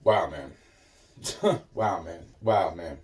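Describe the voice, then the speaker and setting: Rambling man with a dark mellow voice. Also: sits low, drawn-out words. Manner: meandering, heavy swearing, trailing off into repeated fillers. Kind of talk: rambling personal storytelling.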